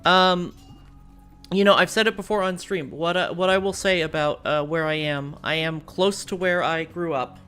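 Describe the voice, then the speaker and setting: A woman's voice: fairly low pitch, steady tone, moderate pace, fairly bright tone, clear, resonant tone, soft background music. A woman from the United States streaming a strategy game and chatting casually with her viewers, rambling and full of fillers and restarts. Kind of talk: casual live-stream chat while playing a strategy game.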